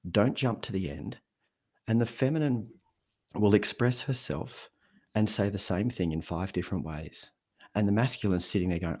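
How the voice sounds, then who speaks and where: Man, deep voice, husky, animated storyteller, podcast guest. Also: moderate pace. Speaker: podcast guest, habits coach. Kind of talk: casual podcast conversation.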